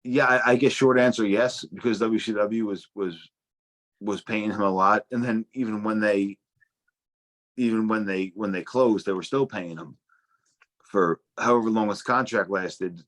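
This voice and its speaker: A man's voice: fairly low pitch, steady tone, moderate pace, fairly bright tone. A young adult man telling casual stories as a guest, swearing freely and stumbling through restarts. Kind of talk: casual storytelling.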